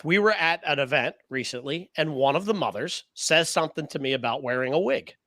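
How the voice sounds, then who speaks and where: Animated, swearing man telling stories. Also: a little high, brisk, no echo. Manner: animated storyteller, swears freely, laughs often. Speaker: podcast co-host. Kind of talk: casual round-table chat.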